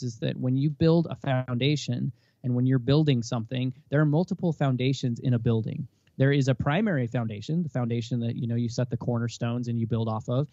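A man in his thirties, a podcast guest and parent, talking in an emphatic, animated way with preachy bursts, on a dull lo-fi recording. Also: medium pitch, dry recording. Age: 30s. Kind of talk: casual interview talk.

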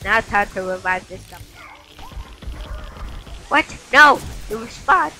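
Brief: young female gamer, bright sharp tone, slow drawn-out lines broken by yelps. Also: medium pitch, expressive. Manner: yelps and shouts at the game. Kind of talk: excited gameplay commentary. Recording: faint game music behind.

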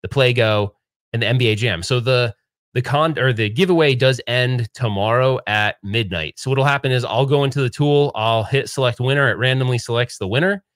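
A man's voice: medium pitch, fairly quick, fairly bright tone. Rambling man in his forties, livestreaming. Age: 40s. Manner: rambling, upbeat, trails off and restarts. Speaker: livestream host. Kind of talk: casual livestream chat.

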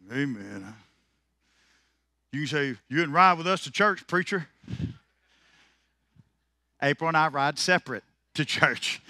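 A man preaches a sermon in a high, ringing voice. He is animated and playful, tossing off jokes and dropping into quiet asides. The sound is close and dry with no room echo. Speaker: pastor. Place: church sanctuary.

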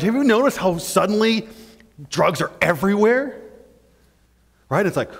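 Male pastor preaching, kinda high voice, acts stuff out, keeps saying right, long echo like a big church. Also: moderate pace, long pauses. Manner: animated, acts out scenes, keeps asking "right?". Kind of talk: sermon. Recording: long church-hall reverb.

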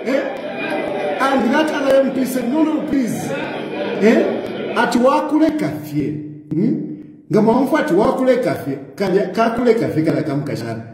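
A man with a Zambian accent giving animated political reaction commentary, firing rhetorical questions. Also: very high voice, brisk, roomy sound, in a large hall, a faint crowd, rough recording. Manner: animated, repeats rhetorical questions, laughs mockingly.

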